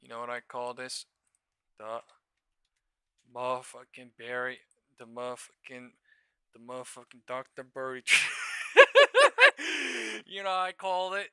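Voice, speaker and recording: A man live-streaming stock trading, talking to his viewers in a loose, profane, excitable way. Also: medium pitch, normal speed, long pauses, clear, resonant tone, no room sound. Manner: profane, excitable, laughs and shouts at market moves. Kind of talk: live-stream market commentary.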